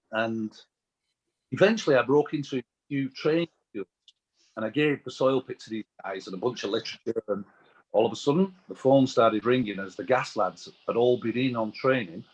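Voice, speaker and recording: A British man, a business owner as interview guest, telling anecdotes in a chatty, animated way. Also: mid-range voice, breathy edge, poor audio.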